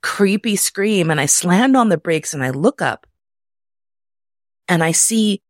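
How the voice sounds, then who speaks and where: Animated woman telling a story. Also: measured pace, no echo, studio quality. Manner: animated, profane, jumps into high voices for quotes. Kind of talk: casual personal storytelling.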